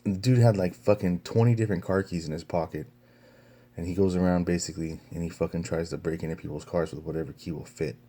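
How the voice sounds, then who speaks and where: Low husky-voiced young man telling a story. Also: fairly even intonation, fast, mellow. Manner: profane, rambling telling full of fillers and restarts. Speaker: vlogger. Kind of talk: casual storytelling vlog.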